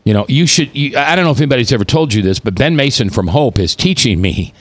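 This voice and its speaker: A man's voice: mid-range voice, expressive, quick pace. A man in his fifties hosting a talk radio show, delivering preachy commentary and acting out the quotes he reads. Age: 50s. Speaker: radio host.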